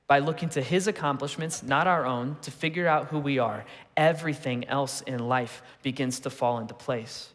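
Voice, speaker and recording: Pastor preaching with hall reverb. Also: male voice, on the high side, a bit bright. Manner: conversational storytelling with rhetorical questions. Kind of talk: sermon. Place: church auditorium.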